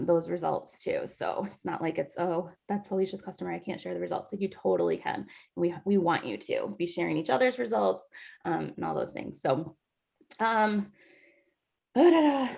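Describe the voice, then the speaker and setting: Chatty woman with a gravelly voice. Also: medium pitch. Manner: chatty, with many "like" and "um" fillers. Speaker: team coach leading a new-coach training call. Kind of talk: casual training talk over a video call.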